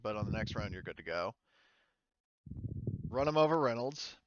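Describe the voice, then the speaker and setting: A man's voice: fairly low pitch, animated, moderate pace. A man running a tabletop war game as game master, talking loosely with lots of fillers and restarts. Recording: slightly dull, lo-fi mic.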